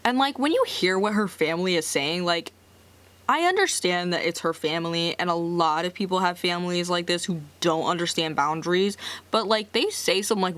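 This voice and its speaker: A woman's voice: medium pitch, a bit bright. A young woman hosting a casual movie recap, chatty and full of filler words, with sassy side remarks. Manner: chatty, heavy use of filler "like".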